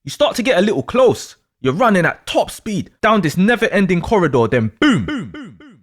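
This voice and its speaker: Animated man telling a story. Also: sits high, normal speed. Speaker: astrology storyteller. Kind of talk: second-person storytelling narration.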